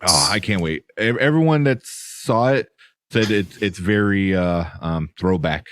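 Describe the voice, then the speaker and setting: Low-voiced man in rambling movie chat. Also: lively intonation, a little slow, a bit bright, no echo. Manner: rambling, filler-heavy, enthusiastic. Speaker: podcast host. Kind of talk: casual movie review chat.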